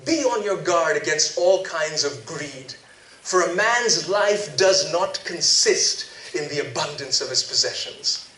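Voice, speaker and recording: A man's voice: fairly high pitch, expressive, a little slow, sharp tone. A man voicing Jesus, stern and warning. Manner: firm, admonishing. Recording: echoey hall, distant mic.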